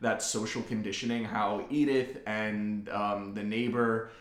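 Male co-host, analytical and profane, mid pitch, echoey room. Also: steady tone, measured pace. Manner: analytical, profane, laughs along. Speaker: podcast co-host. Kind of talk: casual chat about a TV show. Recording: roomy echo.

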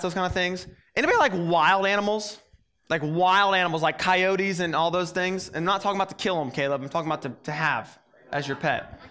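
Energetic young youth pastor, high voice. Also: male voice. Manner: energetic, repeats words when starting sentences. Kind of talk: youth sermon.

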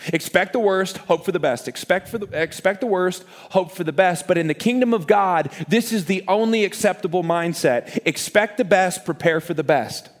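A man preaching a sermon as a pastor, with an animated, self-deprecating manner and words repeated for emphasis. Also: high-pitched, moderate pace, hardly any pauses.

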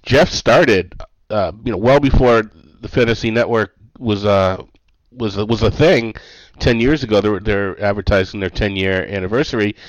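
A man with a lowish voice talks casually as a guest analyst, relaxed and often restarting his sentences. His voice comes through dry and a little dull, like a remote line. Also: normal speed, no room sound. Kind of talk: casual interview.

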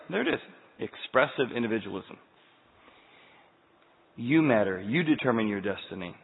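A man's voice: mid-range voice, expressive, normal speed, vocal fry, pauses often, breathy edge. A man preaching a sermon in an emphatic way, asking the listeners many rhetorical questions. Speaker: pastor. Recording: tinny, phone-like sound with long hall reverb.

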